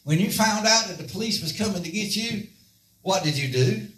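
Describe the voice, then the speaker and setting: A man's voice: sits high, lively intonation, normal speed, a bit bright. A man preaching a sermon in a folksy way, quizzing his congregation with rhetorical questions. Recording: echoey room from a distant mic.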